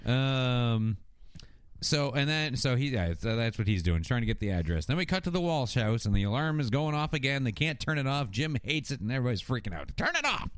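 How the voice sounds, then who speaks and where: Male co-host, animated recapper, pitch jumping around, dry close mic. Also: a little fast, clean tone, no room sound. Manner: animated storytelling, acting out characters' lines with swearing and laughter. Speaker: podcast co-host recapping a TV episode. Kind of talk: casual chat.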